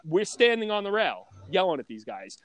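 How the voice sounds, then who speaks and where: A man spinning a rowdy, profane story for a podcast, talking loud and animated. His voice sits fairly high for a man. The recording is close and dry, with almost no room sound. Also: normal speed, no echo. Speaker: guest storyteller.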